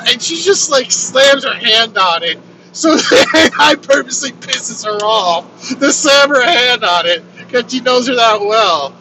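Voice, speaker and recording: A man with a high voice tells a long story, slow and unhurried, while riding in a vehicle. He swears often and lively acts out his characters' lines. Steady road noise hums under everything. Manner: animated, swears freely, acts out quoted lines. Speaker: vlogger telling his own story. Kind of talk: casual storytelling. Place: inside a moving vehicle on a road trip.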